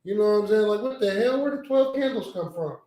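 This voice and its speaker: A man's voice: sits high, expressive, fast, mellow. A man with a Southern US accent leading a religious class discussion, emphatic and preachy, with casual slang. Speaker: class teacher. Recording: echoey room.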